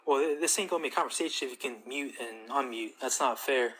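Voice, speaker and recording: A man's voice: medium pitch, fast talker, fairly bright tone, breathy edge. A young man calling in to a debate, speaking casually with some hesitant fillers. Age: young adult. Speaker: debate caller.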